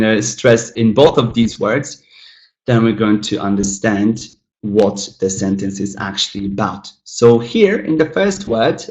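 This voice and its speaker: Man teaching an English pronunciation lesson. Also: medium pitch. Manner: lively, demonstrative, repeats model words slowly, talks to chat. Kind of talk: live online pronunciation lesson.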